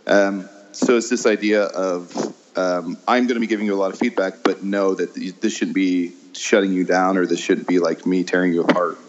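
A man from the American Midwest with a low-ish, steady voice is a guest in a casual interview, where he works as an improv teacher. He halts with lots of ums and laughs at himself self-deprecatingly, and the recording sounds dull and lo-fi.

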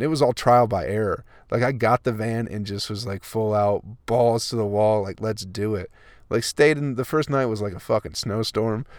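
A man's voice: fairly low pitch, no room sound, clean studio sound. A young man, a comedian and host, talking in a casual comedic monologue, swearing freely, ranting and laughing at his own jokes.

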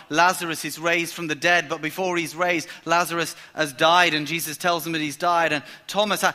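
A preacher delivers a sermon in a bright, ringing voice. He tells the story with lively energy and acts out what the characters say. His voice carries a long reverb from a large hall. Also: a little high.

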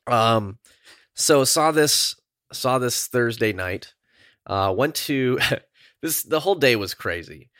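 A man's voice: mid-range voice, takes it slowly, no echo, clean studio sound. A man hosting a podcast in casual, rambling chat, laughing often. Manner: animated, laughing, rambling asides. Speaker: podcast host.

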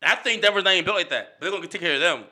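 A man's voice: high-pitched, animated, racing, bright, forceful tone. A man in a casual sports debate who talks animatedly, laughs often and repeats himself.

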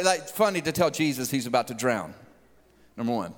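Animated pastor, high voice. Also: male voice, brisk. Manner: animated, joking, acts out voices. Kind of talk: sermon. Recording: long hall reverb.

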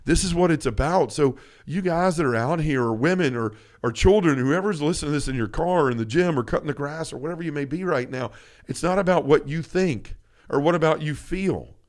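A man's voice: fairly high pitch, brisk. Earnest man talking faith, full of restarts. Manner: earnest and emotional, many restarts. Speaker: podcast co-host. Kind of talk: faith podcast talk.

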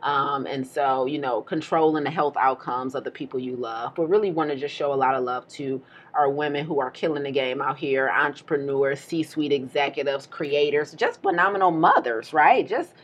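A woman's voice: extremely low pitch, moderate pace. A woman co-hosting a casual podcast, talking in a playful, emphatic way and laughing often. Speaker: podcast co-host.

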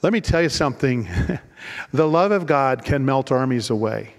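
A man's voice: mid-range voice, animated, normal speed, big-room sound. A man preaching a sermon in an earnest storytelling manner, often repeating words as he restarts. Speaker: pastor.

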